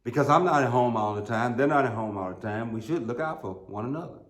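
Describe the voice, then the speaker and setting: Talking fast in a medium-pitched voice, a middle-aged American pastor preaches in a church sanctuary. His sermon is built on folksy, humorous storytelling with emphatic high points, and the sound is roomy like a church.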